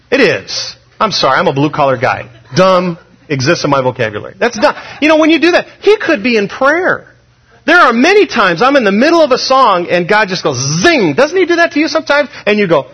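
A male pastor preaching a sermon in a conversational, animated way, with sudden loud rises. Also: extremely high pitch, husky, poor audio.

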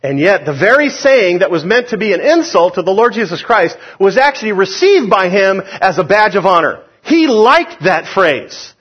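Husky guy pastor preaching, emphatic, slightly high voice, dull lo-fi sound. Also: very animated, moderate pace, few pauses, fairly bright tone. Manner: emphatic, calls for congregation responses. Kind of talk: sermon.

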